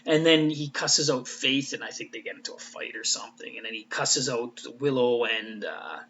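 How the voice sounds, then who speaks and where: A man's voice: medium pitch, normal speed, fairly bright tone, highs cut off, slight background noise. A man giving a casual, rambling fan recap. He swears freely and often trails off and restarts. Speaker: fan commentator.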